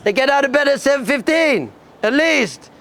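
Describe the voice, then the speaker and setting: At a normal speed and with a very high voice, this rabbi gives yeshiva students a spirited pep talk. His storytelling includes imitations of bleating sheep and a roaring lion, along with punchy lines he says over and over.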